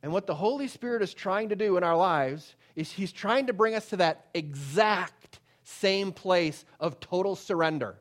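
Middle-aged pastor guy preaching, kinda high voice, gets loud then goes real soft. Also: animated, moderate pace, hardly any pauses. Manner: dynamic preaching, swinging from loud emphatic to hushed and soft. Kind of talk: sermon.

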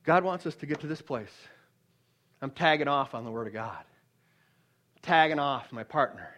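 A man preaching a sermon, swinging between loud emphatic peaks and low hushed storytelling, often repeating words as he restarts. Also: lively intonation, moderate pace.

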